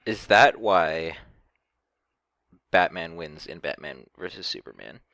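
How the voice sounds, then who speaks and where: Deep-voiced, hesitant man reacting. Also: takes it slowly, vocal fry, pushed and bright, no echo, clean studio sound. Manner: hesitant, many ums and restarts. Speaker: reaction video host. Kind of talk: casual reaction commentary.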